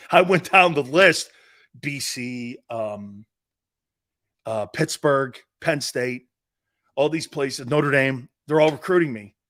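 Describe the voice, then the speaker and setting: A middle-aged man hosting a sports talk show in casual chat, animated and loud at times, rambling and calling out to his crew. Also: mid-range voice, takes it slowly, long pauses. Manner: animated, loud bursts, calls out to studio crew; rambling, repeats words and restarts.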